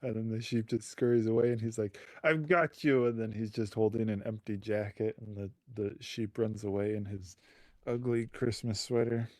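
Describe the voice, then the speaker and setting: Male podcast co-host with a slightly low voice and a dry sound, narrating an improvised story in an easygoing way. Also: little pitch movement, normal speed, dark tone, no echo.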